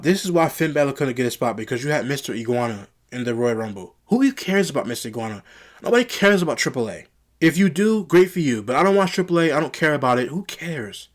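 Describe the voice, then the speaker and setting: A man's voice: fairly high pitch, animated, brisk. Young male reviewer, solo rant, exasperated and rambling. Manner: exasperated, rambling, repeats himself. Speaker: wrestling show reviewer.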